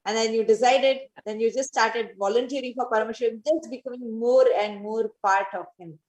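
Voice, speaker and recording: Woman interviewer with a slightly high voice. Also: steady tone, a little fast, a little mellow, poor audio.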